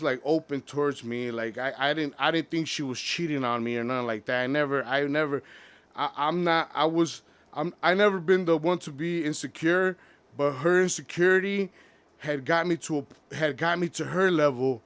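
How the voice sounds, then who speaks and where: A young man talking about his past in a personal confessional vlog, halting and full of restarts. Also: a little high, fairly bright tone, clear, resonant tone, no room sound. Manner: halting, many restarts and fillers. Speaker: vlogger.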